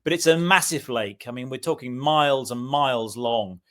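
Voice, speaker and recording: A man co-hosting a podcast, talking in a relaxed, easy way with small pauses and ums. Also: mid-range voice. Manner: relaxed storyteller with ums and asides. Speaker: podcast co-host. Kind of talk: casual conversational podcast chat.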